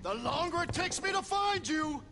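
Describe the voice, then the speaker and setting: An actor playing a brutal, menacing middle-aged police chief in a video game, snarling threats with wide swings in pitch. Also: male voice, animated, normal speed, noisy background. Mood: raging. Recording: game audio over loud music.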